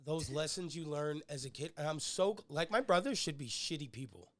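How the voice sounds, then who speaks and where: A man's voice: a little high, expressive, moderate pace, dry recording. Young male podcast host, rambling crude storyteller, dry close mic. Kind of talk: casual podcast chat.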